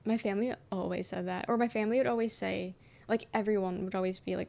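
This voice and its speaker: Brisk and nearly pause-free, a young adult woman with a level, darkish, mid-range voice and vocal fry chats casually on stream. She reads viewer messages aloud, rambles, swears casually, and leans constantly on "um" and "like."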